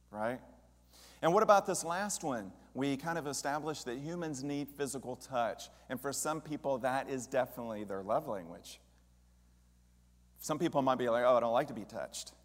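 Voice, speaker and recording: A man giving a relaxed, conversational sermon at a church, often putting questions to the congregation. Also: mid-range voice. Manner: conversational, asks the audience questions. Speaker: speaker at a church service. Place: church sanctuary. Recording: long hall reverb.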